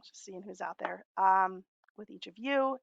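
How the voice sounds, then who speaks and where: A woman's voice: medium pitch, unhurried, gravelly, no echo, lo-fi sound. A woman in her forties talking in a long, rambling, heartfelt personal message to friends, laughing often. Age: 40s.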